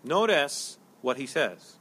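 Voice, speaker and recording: A man preaching a sermon in a lively, joking way, acting out quotes and voices as he teaches. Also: medium pitch, slow, breathy edge. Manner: animated, jokey preaching with acted-out quotes. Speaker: pastor.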